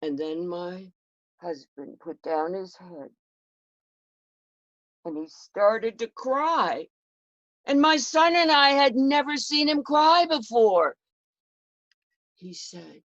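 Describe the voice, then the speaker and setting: Speaking slowly in a high, sing-song voice with long pauses, a historical portrayer narrates in the first person, full of drama and emotion. The sound is dry and comes through a dull lo-fi recording.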